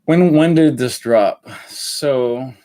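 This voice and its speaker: A man's voice: medium pitch, drawn-out words, dark tone. Rambling man reviewing a fragrance live. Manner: rambling, many fillers and self-corrections.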